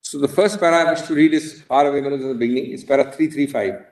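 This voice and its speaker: A man with an Indian English accent arguing before a court bench, reading from judgments in a deliberate, emphatic way and repeating key words for stress. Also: mid-range voice, a little mellow. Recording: roomy courtroom audio, mic far off.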